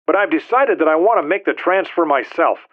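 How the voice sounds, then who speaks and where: A man's voice: fairly high pitch, expressive, a little fast, voice pushed up. A man doing a brash billionaire on the phone. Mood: blunt. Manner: blunt, distrustful. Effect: telephone filter. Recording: tinny phone line.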